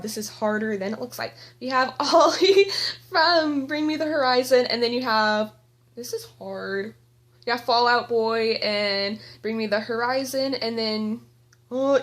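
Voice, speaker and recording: Young woman, high voice, bright tone, unhurried, giggly fangirl vlog storytelling. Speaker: vlogger. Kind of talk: excited casual storytelling. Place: indoors at home.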